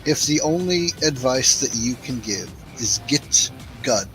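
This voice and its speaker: A man's voice: medium pitch, animated, measured pace, a bit bright, faint music behind, rough recording. A man chatting casually while playing an online game, ranting sarcastically about bad advice. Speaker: gamer playing online with a friend. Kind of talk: casual gaming chat.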